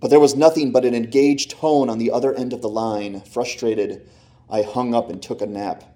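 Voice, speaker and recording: A man reading a short tale aloud in an attempted English accent, slowing over the slang words. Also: mid-range voice, steady tone, dark tone, close to an everyday voice. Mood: storytelling. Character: man telling a mishap tale in a mock British accent. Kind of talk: read-aloud story in a put-on accent.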